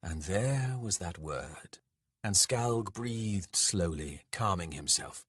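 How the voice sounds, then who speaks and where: Slow, husky male audiobook narrator. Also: deep voice, lively intonation, a bit bright, dry recording, studio quality. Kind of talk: scripted fantasy narration.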